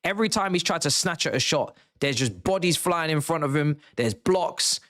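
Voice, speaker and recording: Excitable slangy man reacting live to football. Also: a little high, normal speed. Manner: excitable, slangy, swings between mumbled asides and shouts. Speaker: football watchalong host. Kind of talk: live match reaction commentary.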